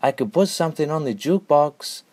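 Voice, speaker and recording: A man's voice: a little high, expressive, brisk, mellow, voice pushed up, natural voice. A man voicing a tall, mustached, laid-back pool player with a put-on thick Mongolian accent, talking mildly and unbothered. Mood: easygoing. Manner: mild, sighing, unbothered.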